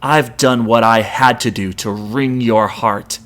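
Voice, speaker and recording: A man voicing Medea, a vengeful sorceress, speaking flat, cold and unapologetic. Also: mid-range voice, slow. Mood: cold defiance.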